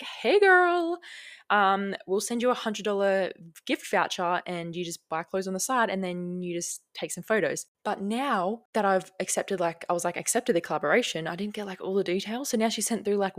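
A young woman with an Australian accent talks fast and unfiltered into her podcast mic. She rambles, rants and swears freely, in a casual solo chat. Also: mid-range voice. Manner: chatty, swears freely, ranting. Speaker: podcast host. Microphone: plugged-in podcast mic.

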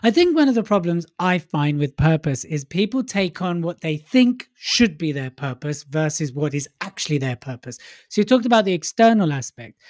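A man co-hosting a casual podcast, talking in a joking, lively way with quick asides. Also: a little high, dry recording, studio quality. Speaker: podcast co-host.

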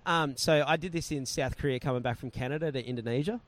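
Animated man telling a travel story. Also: medium pitch, fast. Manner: animated, acts out quoted voices. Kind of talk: casual storytelling chat.

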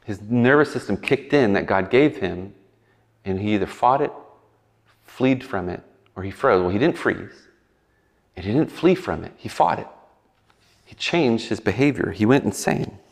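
Low-voiced male preacher in a reverberant hall. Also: vocal fry. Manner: conversational, acts out quick voices, animated asides. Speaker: pastor. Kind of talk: casual sermon.

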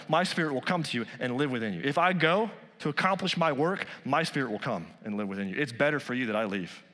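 A male pastor preaching a sermon, rising loud on key points and dropping soft on others. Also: medium pitch, expressive, quick pace, in a large hall.

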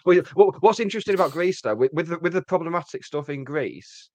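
A man's voice: on the high side, animated, fast talker, darkish tone, no room sound. A man co-hosting a podcast, making dry, wry remarks in casual chat. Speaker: podcast co-host.

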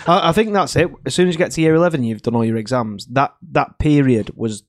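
A young man, a podcast co-host recalling school days in casual chat as an excitable, laughing storyteller. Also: medium pitch, fast talker.

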